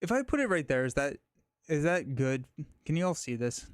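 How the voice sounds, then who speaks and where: A man's voice: fairly high pitch, very animated, no echo. Casual man thinking aloud, dry sound. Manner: thinks aloud, halting with fillers and restarts. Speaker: live stream host. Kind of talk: casual live-stream chat.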